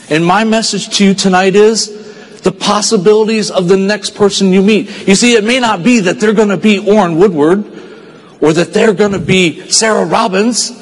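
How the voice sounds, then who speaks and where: A man from Texas giving an earnest, storytelling speech to a conference audience, dropping low and quiet at the sad parts. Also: in a large hall, rough recording. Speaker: motivational speaker.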